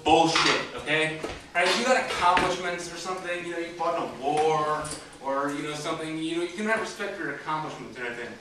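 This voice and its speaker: A man's voice: fairly high pitch, fast, far from the mic, background noise. A young man with a light Southern twang doing open-mic stand-up, brash and rambling with lots of fillers. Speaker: stand-up comedian. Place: comedy club stage. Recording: echoey club heard from afar.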